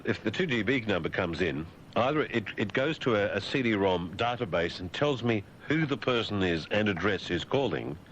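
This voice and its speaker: Deep sardonic Australian radio host. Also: male voice. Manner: sardonic, deadpan riffing with mock dialogues. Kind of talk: talk radio monologue. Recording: dull lo-fi radio broadcast with faint hiss.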